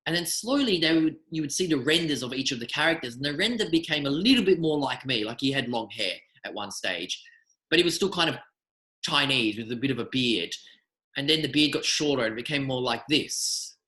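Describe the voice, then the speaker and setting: A man, a magician, telling animated, rambling anecdotes in a casual interview. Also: mid-range voice, fairly quick, reverberant, low-quality recording. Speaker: magician guest.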